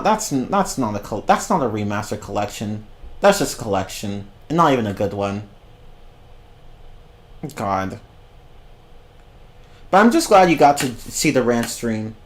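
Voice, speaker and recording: A man's voice: medium pitch, very animated, unhurried, long pauses. A young man on a casual livestream, rambling about games, swearing freely and breaking into giggling fits. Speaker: streamer.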